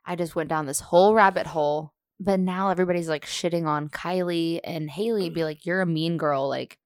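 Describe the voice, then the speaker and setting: A woman's voice: on the low side, fairly even intonation, brisk, clear, resonant tone, dry recording. A young woman co-hosting a podcast in casual chat, blunt and sarcastic, swearing freely. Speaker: podcast co-host.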